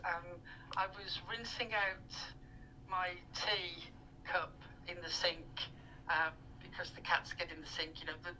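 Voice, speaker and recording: A woman's voice: fairly low pitch, sharp tone, slight background noise, rough recording. A woman co-hosting a casual discussion, hesitant with many ums and uhs.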